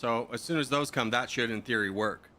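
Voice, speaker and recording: Bright-voiced man streaming a game. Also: medium pitch, a little fast. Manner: muttering to himself while building, answering chat. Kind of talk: casual gameplay commentary.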